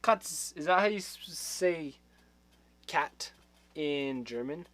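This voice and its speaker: A man's voice: fairly high pitch, lively intonation, slow, fairly bright tone. A man hosting a livestream, chatting casually with viewers, laughing often and trailing off mid-sentence. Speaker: livestream host.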